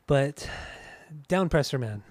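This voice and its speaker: A man in casual podcast talk, rambling through his thoughts with plenty of restarts and offhand swearing. His voice sits in an ordinary middle pitch. The sound is dry and close, with no room echo. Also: expressive, slow pace, a little mellow. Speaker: podcast co-host. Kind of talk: casual chat.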